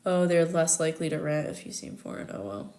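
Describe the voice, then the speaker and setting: A woman's voice: sits low, lively intonation, brisk, mellow. A young American woman hosting a casual live chat, talking in a giggly, filler-heavy way. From United States. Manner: chatty, giggly, lots of fillers. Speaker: astrology livestream host.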